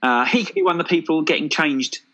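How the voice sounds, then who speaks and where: A man, co-hosting a casual chat, pitching a made-up action film with jokey enthusiasm. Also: quick pace, a bit bright, low-quality recording. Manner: enthusiastic, jokey, thinks aloud with fillers. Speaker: podcast co-host.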